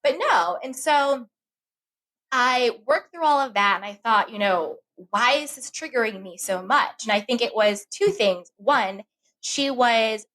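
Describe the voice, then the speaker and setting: Animated woman with a higher voice. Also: low-quality recording. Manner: animated, acts out her own inner voice. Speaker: guest. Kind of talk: casual podcast conversation.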